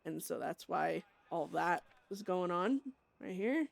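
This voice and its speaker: A woman's voice: lowish voice, animated, slow pace, creaky. A young woman streamer casually recapping a roleplay scene, rambling with lots of fillers and swearing.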